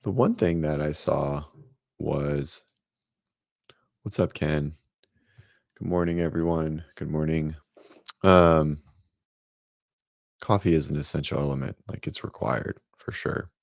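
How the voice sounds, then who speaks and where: A man hosts a relaxed morning livestream from his home setup, greeting viewers and rambling between topics into a desk microphone. His voice sits extremely low with a gravelly edge. The sound is dry and close, with no room echo. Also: slow, long pauses. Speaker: fitness livestream host. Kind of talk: casual morning livestream chat.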